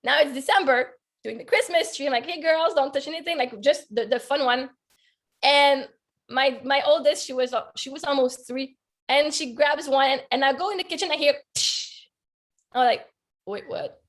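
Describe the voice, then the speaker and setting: A woman with a high voice tells a heartfelt personal story as a life coach guest. She speaks earnestly and fills her sentences with "like." The sound comes through a video call. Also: moderate pace. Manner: earnest, heartfelt, many "like" fillers.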